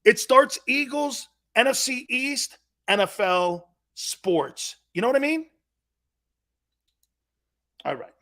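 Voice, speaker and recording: A man's voice: very high-pitched, animated, slow, long pauses, bright, forceful tone. A man hosting a sports talk show in a blunt, profane, mocking monologue, laughing often.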